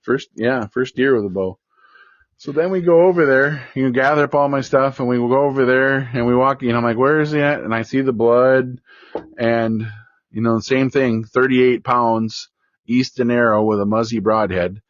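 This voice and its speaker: A man hosting a casual podcast chat, telling a hunting story in a lively way and acting out the voices of people in it. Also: medium pitch, moderate pace, no echo. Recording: dull, dry lo-fi sound.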